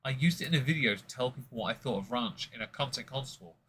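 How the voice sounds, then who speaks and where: A man's voice: mid-range voice, expressive, fast, fairly bright tone, a little hiss or hum, poor audio. Rambling man hosting a stream. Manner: rambling, jokey, many fillers. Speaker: whisky stream host. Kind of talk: casual tasting chat.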